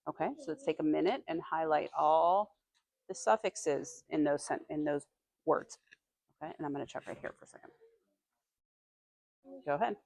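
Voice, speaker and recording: A woman teacher leads a reading lesson in her classroom, reading aloud at a slow, deliberate pace and pausing to question her students. Her voice sits fairly low and sounds close and dry, with little room sound. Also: creaky, a little mellow, no room sound. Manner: reads aloud slowly, quizzes students.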